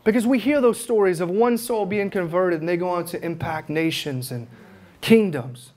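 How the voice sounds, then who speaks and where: Fervent higher-voiced man preaching. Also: moderate pace, a little mellow. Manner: fervent storytelling, acts out his own prayers. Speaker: evangelist. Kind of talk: conference teaching sermon.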